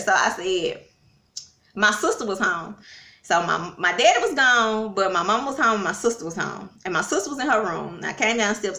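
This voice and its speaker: A woman's voice: mid-range voice, creaky, bright, forceful tone. A woman telling a personal story to her viewers in a chatty, casual way. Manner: chatty, addresses viewers, frequent fillers. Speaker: vlogger. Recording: roomy echo.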